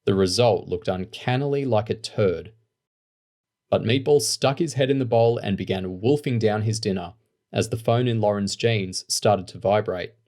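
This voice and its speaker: Male narrator, lowish voice, steady audiobook reading. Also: moderate pace. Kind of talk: scripted narration.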